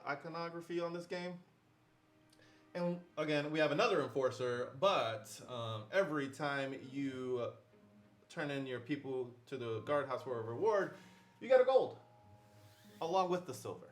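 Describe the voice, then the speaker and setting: Upbeat man hosting a game livestream. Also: fairly high pitch. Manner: chatty and upbeat, with fillers and laughs. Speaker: livestream host. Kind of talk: casual livestream unboxing chat.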